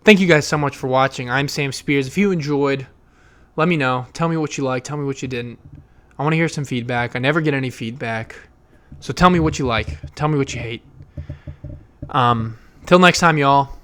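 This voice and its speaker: A young man hosting his own podcast, talking loudly and emotionally in a rambling way, with fillers and swearing. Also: mid-range voice, moderate pace. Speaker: podcast host. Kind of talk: casual solo podcast monologue.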